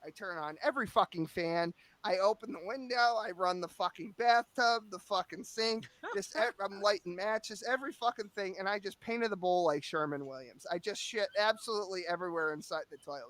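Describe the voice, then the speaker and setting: A man's voice: high-pitched, fairly quick, hardly any pauses, fairly bright tone, no room sound. A man around thirty telling a long, crude, profane comic anecdote in casual podcast chat. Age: 30s. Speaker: storyteller guest.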